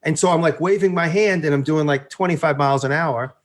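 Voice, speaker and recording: A man with a somewhat high voice spins casual anecdotes as a podcast guest. He tells them with lively energy, swears freely and slips into the voices of the people he describes. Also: brisk. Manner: animated, swears freely, acts out the people in his stories. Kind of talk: casual storytelling.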